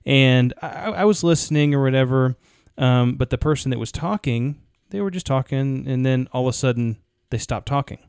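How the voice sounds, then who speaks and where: A man co-hosting a podcast in casual chat, telling stories in a relaxed, plainspoken way. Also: medium pitch, normal speed, hardly any pauses, clean tone, dry recording, clean studio sound. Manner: relaxed storytelling, plainspoken, with short agreeing interjections. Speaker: podcast co-host.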